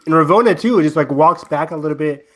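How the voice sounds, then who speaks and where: Male co-host, slightly high voice, jokey and laughing in loose chat. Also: fast. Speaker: podcast co-host. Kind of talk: casual chat.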